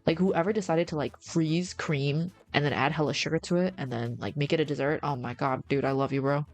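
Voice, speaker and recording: A woman's voice: sits low, a little fast, darkish tone, soft background music. A woman streamer in casual, slangy livestream chat, rambling and answering her chat. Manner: rambling, slangy, says bro a lot.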